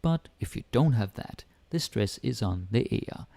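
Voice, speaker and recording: A man with a Danish accent teaching a relaxed language lesson, explaining step by step and switching between English and Danish. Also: on the low side, measured pace, vocal fry, no echo.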